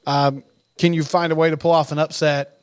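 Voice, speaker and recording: A man in casual chat on a sports podcast, breaking down players and tossing in dry asides. His voice sits a little high for a man. He talks in a relaxed, easygoing way. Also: brisk. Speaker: podcast co-host.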